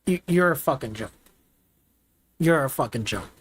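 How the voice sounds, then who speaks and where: A man's voice: on the high side, expressive, normal speed, husky. A man hosting a gaming channel who gives a profane, mocking and repetitive rant in reaction to game footage. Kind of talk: ranting game reaction commentary.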